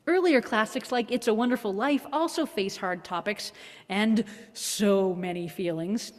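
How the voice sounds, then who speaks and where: Woman minister giving a sermon, thoughtful and a bit wry, long echo from the hall. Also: medium pitch. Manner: reflective, measured, gently wry. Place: worship hall.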